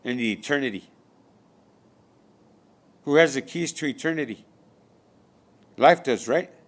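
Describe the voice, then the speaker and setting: A spiritual speaker talks a little slowly in a mid-range male voice. His monologue rambles, swears a lot, and leans on rhetorical questions that he asks more than once.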